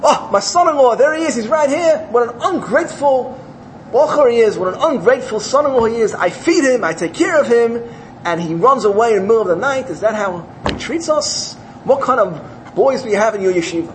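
A stingy middle-aged farmer bursts out in loud, outraged complaint, as a man puts him on in a told parable. His voice climbs high and sharp when he protests. He sounds sure he is the wronged one. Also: animated, a little fast, slight background noise, low-quality recording. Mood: indignant.

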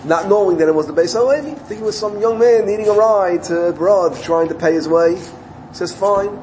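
A rabbi gives a Torah talk in a fairly high voice. He tells his story energy and acts out each quote. A faint hum of noise sits behind him. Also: brisk, low-quality recording. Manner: animated storytelling, acting out quotes with rising pitch.

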